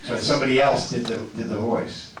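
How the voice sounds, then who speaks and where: At a casual convention Q&A on a large hall stage, a male guest actor answers fan questions, chatty, stammering through restarts, and laughing easily. His medium-pitched voice is fairly even and fairly quick. The recording is echoey, noisy, far from the mic, with a crowd in the background.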